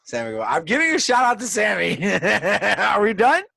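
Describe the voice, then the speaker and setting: A young man talks into a close desk mic in a brash, profane way. He laughs a lot. His pitch jumps all over the place, and the sound is dry and close. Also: very animated, moderate pace, vocal fry, slightly rough, dry recording. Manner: loud, profane, laughs often. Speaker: podcast co-host. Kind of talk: crude casual chat. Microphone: desk microphone.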